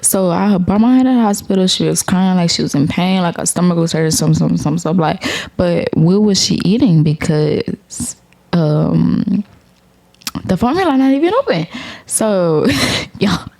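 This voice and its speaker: A young woman hosting a podcast, telling a story to her listeners in a loose, profane, animated way, with frequent laughter. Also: fairly low pitch, unhurried, gravelly. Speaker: podcast host. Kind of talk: casual storytelling to viewers.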